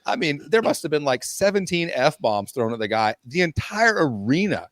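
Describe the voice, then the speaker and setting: A man co-hosting a podcast, telling stories in casual chat in an animated, teasing way. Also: a little high, moderate pace, no echo, clean studio sound. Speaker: podcast co-host, hockey league director.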